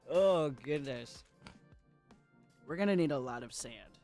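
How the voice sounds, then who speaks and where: A playful man livestreaming a game, chatting and laughing with his viewers. His voice sits high and bounces around a lot, with soft music playing faintly behind him. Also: expressive, a little slow, pauses often. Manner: chatty, playful and giggly, talks to chat. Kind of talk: casual gaming livestream chat.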